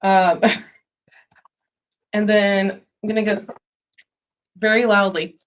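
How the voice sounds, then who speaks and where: A woman's voice: medium pitch, flat delivery, drawn-out words, muffled recording. A woman playing in a tabletop game, chatty and self-deprecating, laughing often. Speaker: player. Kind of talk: casual tabletop game play.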